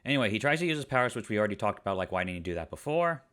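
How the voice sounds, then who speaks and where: A man's voice: on the low side, sing-song, racing, a bit bright, clean tone. A man giving an exasperated review rant, firing off one rhetorical question after another. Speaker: online reviewer. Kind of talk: ranting episode review.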